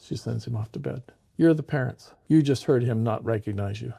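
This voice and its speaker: A man telling a true story in an animated way and acting out the voices of the people in it. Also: medium pitch, fairly quick, creaky, husky.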